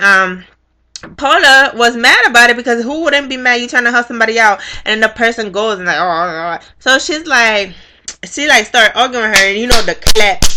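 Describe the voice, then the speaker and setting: A young woman casually recapping a reality show, blunt and profane, with animated storytelling. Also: medium pitch.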